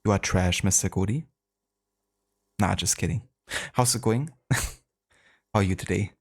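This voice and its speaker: Low-voiced streamer, rambling. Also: male voice, a little slow, husky. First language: German. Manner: rambling, full of fillers. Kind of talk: casual live-stream chat.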